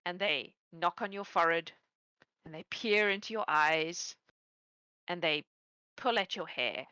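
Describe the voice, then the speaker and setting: A woman narrating as game master of a tabletop game, telling the story in a relaxed, playful way. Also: fairly low pitch, a little slow, clean tone, dry recording, low-quality recording.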